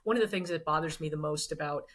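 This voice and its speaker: A woman's voice: sits low, quick pace, a bit bright. A woman guest in a casual interview, speaking earnestly and thoughtfully, often restarting her sentences. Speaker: guest author.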